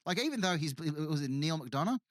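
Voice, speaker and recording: Stammering, animated podcast co-host man. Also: fairly high pitch, fast, no room sound, studio quality. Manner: stammering restarts, self-deprecating jokes. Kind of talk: casual chat.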